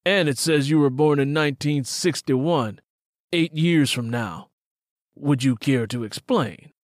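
Casting: a man doing a gruff, slow-spoken small-town cop, suspicious, pressing hard, dry close sound. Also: mid-range voice, no room sound, lightly acted. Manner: slow, deliberate, blunt questioning. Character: stern small-town male police officer, skeptical. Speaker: police officer. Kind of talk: audiobook character voice.

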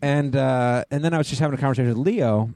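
A man co-hosting a podcast, telling a story in a lively, casual way and swearing freely. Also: medium pitch, fast talker, vocal fry. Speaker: podcast co-host. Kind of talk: casual chat.

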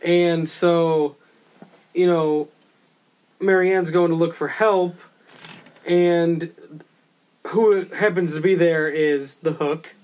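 Male co-host, higher voice, casual joking film talk with some swearing. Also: fairly even intonation, takes it slowly, pauses often, a little mellow. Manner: loose, joking, swears, does silly voices. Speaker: podcast co-host reviewing a film. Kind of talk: casual chat.

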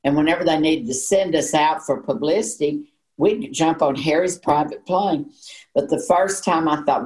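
Low-voiced Southern woman in her sixties. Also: moderate pace, a little mellow, roomy sound, poor audio. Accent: Southern American. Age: 60s. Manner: folksy storyteller, laughs often. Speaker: guest, actress. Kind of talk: casual chat.

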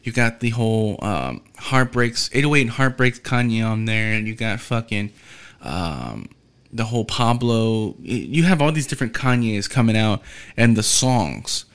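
A man's voice: fairly low pitch, expressive, moderate pace, a bit bright, clean tone. A man hosting a podcast, rambling casually with frequent swearing, fillers and restarts. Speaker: podcast host.

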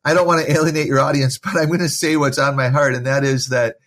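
A man's voice: fairly high pitch, steady tone, fast, a bit bright. A man speaking as a guest author in a podcast interview, giving earnest, encouraging parenting advice in a preacherly way.

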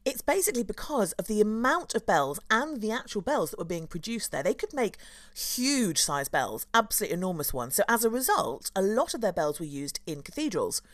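A woman's voice: mid-range voice, very animated, a little fast, a bit bright, dry recording. Woman, London tour guide host, chatty, laughing, dry close sound. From London, England. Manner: chatty, playful, laughs often. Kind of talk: casual chat.

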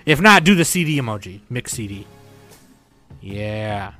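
Bright-voiced young man chatting casually. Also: on the low side, big pitch swings, unhurried, faint music behind. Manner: laughs a lot, loose and profane. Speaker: podcast host. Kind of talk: casual chat.

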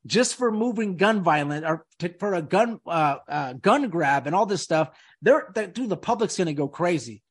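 A man's voice: sits high, expressive, normal speed, hardly any pauses, slightly rough. A man hosting a casual podcast, rambling and emphatic, peppering his talk with dude and man. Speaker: podcast host. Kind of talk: casual conspiracy podcast chat.

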